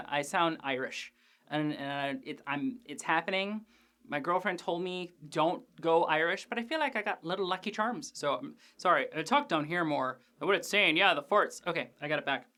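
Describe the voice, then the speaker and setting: Female host, lowish voice, casual profane episode recap with jokey asides. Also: fairly bright tone. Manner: chatty, profane, joking asides. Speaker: TV after-show host.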